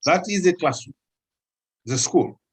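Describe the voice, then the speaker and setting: A man giving an earnest policy talk over a video call, stressing each point and filling pauses with "uh". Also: on the high side, lively intonation, husky, low-quality recording. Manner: emphatic, repeats "we must", many fillers. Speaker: speaker at a club video meeting.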